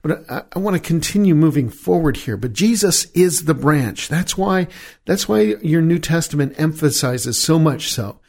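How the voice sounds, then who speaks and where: Man, middle-aged, sermon, rhetorical questions, emphatic pauses, slightly high voice. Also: lively intonation, a little mellow. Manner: rhetorical questions, emphatic slowed key phrases. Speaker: preacher.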